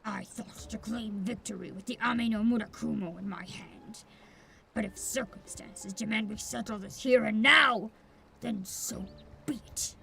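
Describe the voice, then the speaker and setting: Brief: woman playing a solemn male swordsman, low and quiet, earnest. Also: measured pace, creaky, exaggerated voice. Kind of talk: reading game dialogue aloud.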